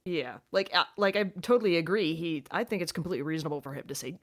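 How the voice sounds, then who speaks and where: A young woman co-hosting a podcast, chatting casually and reflectively about an episode, with lots of "like" and quick quoted asides. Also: sits low, expressive. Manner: reflective, many likes, bursts of quoting. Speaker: podcast co-host. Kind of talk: casual recap chat.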